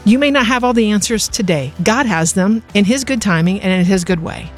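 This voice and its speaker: A woman's voice: mid-range voice, expressive, fairly quick, faint music behind. Woman radio host telling a story. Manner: storytelling, acts out quotes. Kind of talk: devotional radio talk.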